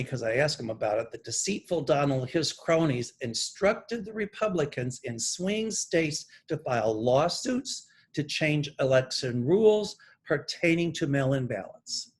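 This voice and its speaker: A male psychic speaks straight to camera, reading channeled messages from his notes in an earnest, emphatic monologue. His delivery is deliberate and pointed, like political commentary. His voice is on the high side and slightly rough.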